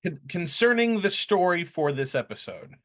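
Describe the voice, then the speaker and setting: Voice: medium pitch, sing-song, normal speed. A podcast co-host chatting casually, asking listeners to weigh in, sometimes stumbling over words. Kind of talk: casual chat.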